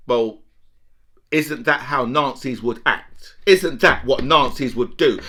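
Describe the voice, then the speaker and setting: Man, political commentary, heated rant, emphatic, swearing, bright sharp tone. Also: medium pitch. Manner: heated, emphatic, swearing, tag questions like "right?".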